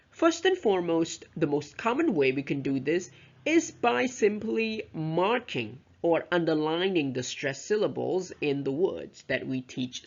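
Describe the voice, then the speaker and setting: Teacher narrating a lesson, gravelly tone, dull lo-fi sound. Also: mid-range voice. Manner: explanatory, modelling words aloud, self-correcting. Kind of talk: recorded lecture explaining pronunciation.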